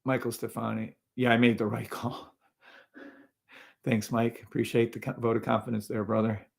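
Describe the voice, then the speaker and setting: A man's voice: medium pitch, flat delivery, normal speed, gravelly. A man hosting a live trading stream, talking casually over charts and greeting viewers in the chat, often sounding incredulous.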